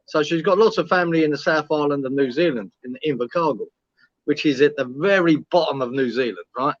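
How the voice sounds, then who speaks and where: A man telling a long story in casual chat, animated, swearing often and laughing as he acts out the lines. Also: on the high side, brisk, dry recording. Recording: dry, dull lo-fi live stream audio.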